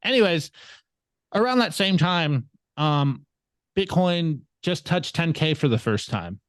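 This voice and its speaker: A man's voice: fairly high pitch, measured pace, no room sound. A young man from California telling his story in a casual interview, rambling and swearing freely as he talks. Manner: profane, rambling, animated storytelling. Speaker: guest.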